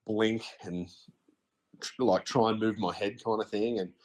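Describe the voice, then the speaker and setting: Halting Australian man in his thirties. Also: lowish voice, steady tone, a little mellow. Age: 30s. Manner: hesitant, halting, lots of fillers. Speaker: podcast guest. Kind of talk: casual storytelling.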